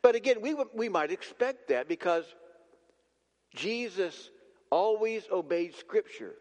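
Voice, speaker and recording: Pastor, man, lively high voice, deliberate sermon delivery, long hall reverb. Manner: dramatic, slowing for emphasis. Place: church sanctuary.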